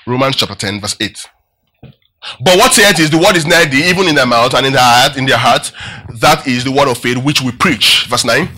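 A man's voice: mid-range voice, a little fast, pushed and bright, husky. A man preaching a Bible-teaching sermon, putting questions to his listeners and repeating phrases for emphasis.

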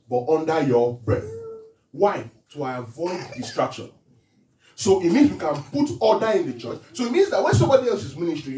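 A man preaching with a high, lively voice that swings up and down, quizzing his congregation as he goes. He reads scripture lines slowly and deliberately. The sound is roomy and echoing, picked up from some distance away. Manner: call-and-response questions to the congregation. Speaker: pastor. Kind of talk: interactive sermon teaching. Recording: echoey room, voice from a distance.

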